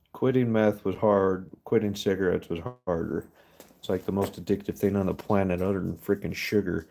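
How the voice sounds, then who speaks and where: A man talks through a relaxed live stream from his workshop, drifting between topics while he stamps metal. His voice sits fairly low with a soft, warm tone. He swears freely and breaks into easy laughs. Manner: rambling, swears often, laughs easily. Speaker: livestream host. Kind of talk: casual live stream chat.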